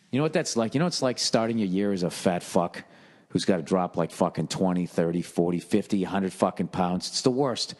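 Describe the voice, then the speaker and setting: A man's voice: fairly low pitch, a little mellow, in a large hall. A man hosting a solo podcast, rambling in a profane, sarcastic way. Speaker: podcast host, comedian.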